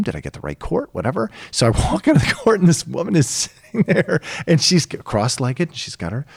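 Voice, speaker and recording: A middle-aged man telling a story in casual chat, animated and acting out the voices of the people in it. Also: mid-range voice, dry recording, clean studio sound. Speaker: podcast co-host telling a story.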